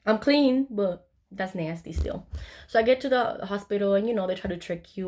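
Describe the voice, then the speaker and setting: A woman's voice: medium pitch, brisk, darkish tone. A young woman telling a personal story to her camera, candid and casual, swearing freely and acting out what everyone said. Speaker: vlogger.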